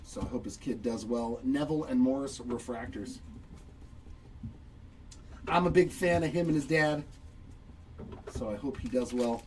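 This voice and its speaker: A man's voice: mid-range voice, a little slow, pauses often, darkish tone, far from the mic, a little hiss or hum, rough recording. A man hosting a live trading card break, chatting upbeat and reacting to each pull while answering viewers.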